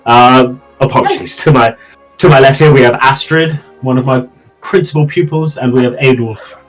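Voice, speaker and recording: A man's voice: medium pitch, steady tone, moderate pace, faint music behind, close to an everyday voice, poor audio. A game master voicing an old male wizard who speaks politely and formally, a little puzzled. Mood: courteous. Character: old male mad wizard, curious and courteous.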